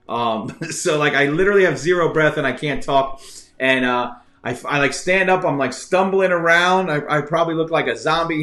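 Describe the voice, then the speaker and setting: A man's voice: a little high, a bit bright. A man hosting a live-streamed trivia game show who tells stories in a rambling, chatty way with many fillers and restarts. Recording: echoey room with faint music.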